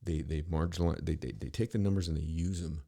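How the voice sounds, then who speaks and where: A man's voice: very deep voice, steady tone, fast talker, creaky, dark tone. A middle-aged man hosting a podcast, ranting in a rambling, profane, sarcastic monologue full of restarts. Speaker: podcast host.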